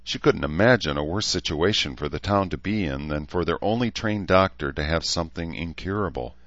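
A man reading a novel aloud as narrator in a steady, even manner. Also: low voice, a little fast, dry recording, highs cut off. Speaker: audiobook narrator. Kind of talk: scripted narration.

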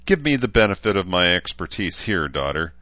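A man's voice: low-pitched, sing-song, brisk, sharp tone, no room sound, dull audio, full character voice. A man voicing a stern, coldly professional mother, clipped and disapproving.

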